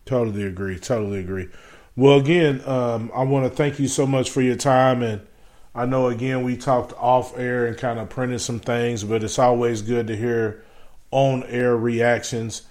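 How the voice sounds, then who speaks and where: A man's voice: mid-range voice, moderate pace. Male host, casual chat, easygoing and wordy, middle-range voice. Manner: relaxed, rambling questions with fillers. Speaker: podcast host. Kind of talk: casual interview.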